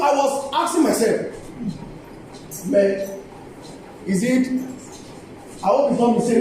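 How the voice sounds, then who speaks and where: This older man's voice is extremely high-pitched with a darkish tone as he lectures colleagues with a Nigerian English accent. His seminar talk is lively and emphatic, full of repeated key phrases and coaxing of the audience, in a university lecture hall. Slight background noise and faint ambience come through the distant, echoey recording.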